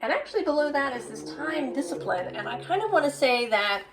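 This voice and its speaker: A woman's voice: high-pitched, sing-song, fairly quick, recorded from a distance, noisy background. A woman giving a tarot reading, musing aloud with frequent "right?" tags. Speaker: tarot reader.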